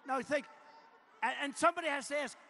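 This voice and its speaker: Older man shouting a rally speech. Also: very high-pitched, brisk. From United States. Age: 70s. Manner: boastful, repetitive, bursts into shouting. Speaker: president addressing a rally. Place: large arena. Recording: long hall reverb with faint noise.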